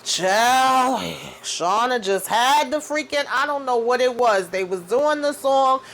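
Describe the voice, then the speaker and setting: A woman's voice: high-pitched, lively intonation, normal speed, a bit bright. A woman casually recapping a TV episode, acting out the characters' lines as she retells the story. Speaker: recap vlogger.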